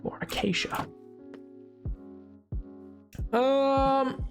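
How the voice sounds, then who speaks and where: High-voiced animated young male streamer. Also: drawn-out words, faint music behind. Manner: animated storytelling, laughs often, mocking voices. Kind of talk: casual live-stream chat while gaming.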